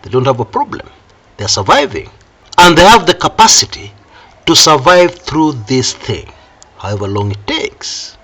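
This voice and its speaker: An older man with a Kenyan accent talks through the issues on his own channel, his husky voice pitched a little high. He swings widely up and down as he drives his points home, and now and then he lets out a wry laugh. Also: moderate pace. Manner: animated, emphatic, laughs wryly between points. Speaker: political commentator. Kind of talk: solo video commentary.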